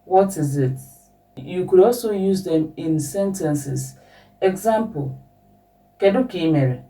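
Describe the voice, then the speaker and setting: A woman teaching a language lesson at a slow, patient pace, repeating each example question. Her voice sits a little low and sounds mellow. She is a little distant from the microphone. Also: animated.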